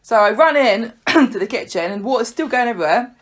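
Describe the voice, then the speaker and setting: A woman's voice: a little high, lively intonation, fairly quick. A woman co-hosting a podcast in casual chat. She tells stories in a chatty way and laughs often. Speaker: podcast co-host.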